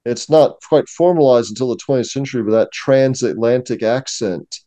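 A man's voice: mid-range voice, normal speed, dry recording. A man, a museum curator, talking casually and knowledgeably as a guest in a discussion. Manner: knowledgeable, explanatory, steady.

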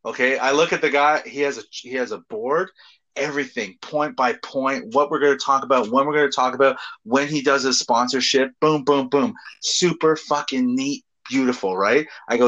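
A podcast co-host tells crude stories in an animated way, laughing often and swearing freely on a casual show. His voice is medium-pitched at a moderate pace, and the recording sounds muffled.

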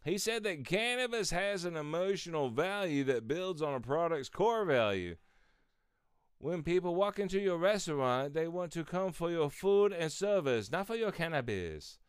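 A man's voice: fairly high pitch, animated, moderate pace, smooth, no echo, studio quality. A man hosting a podcast who reads news headlines and cracks sarcastic jokes about them. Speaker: podcast host. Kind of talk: comedic news reading.

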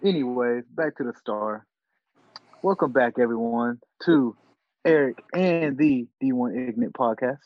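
A man's voice: mid-range voice, unhurried, dry recording. A man co-hosting a podcast in casual banter, clowning around with jumpy interjections. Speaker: podcast co-host. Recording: dull lo-fi sound.

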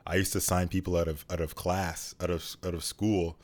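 A man with a deep voice chatting casually as co-host, rambling with many fillers. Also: level tone, normal speed, darkish tone. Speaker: podcast co-host. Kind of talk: casual chat.

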